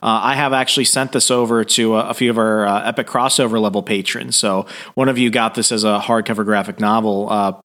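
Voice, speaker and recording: A man's voice: lowish voice, steady tone, brisk, few pauses, fairly bright tone. A man co-hosting a podcast, discussing a comic book in a thoughtful, hesitant way with many restarts. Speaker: podcast co-host.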